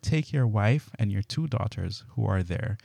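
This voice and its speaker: Stern angels give urgent commands, as a man reads them aloud. Low and dark in tone, close and dry. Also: animated, a little slow, creaky, no echo, exaggerated voice.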